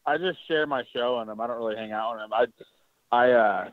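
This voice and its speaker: A man co-hosting a crude late-night podcast, speaking in a halting, casual way. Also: medium pitch, no room sound, phone-quality sound. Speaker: podcast co-host.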